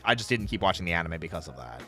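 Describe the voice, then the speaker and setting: A man hosting a casual chat, telling stories animatedly with quick restarts. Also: sits low, very animated, a bit bright, faint music behind. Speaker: podcast host.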